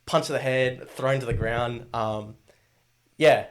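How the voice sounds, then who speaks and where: A man's voice: mid-range voice, takes it slowly. A young Australian man in his twenties, a guest telling his story in a rambling, casual way full of fillers and swearing.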